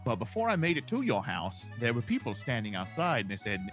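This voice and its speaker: A man's voice: medium pitch, wildly swooping pitch, brisk, over music. Polite stammering man in roleplay. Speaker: roleplay player as an instructor character. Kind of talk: in-character roleplay chat.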